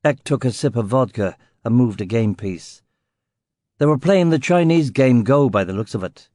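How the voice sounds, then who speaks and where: A man narrates a first-person crime novel in a steady, even reading. His voice sits at an ordinary mid pitch. The studio recording is dry and close. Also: moderate pace, no echo. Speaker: audiobook narrator.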